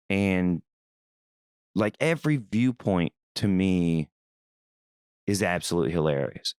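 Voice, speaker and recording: A young man from Missouri hosting a podcast, telling a rambling, animated story in a casual, swearing manner. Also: low voice, dry recording, clean studio sound. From Missouri, USA. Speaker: podcast host.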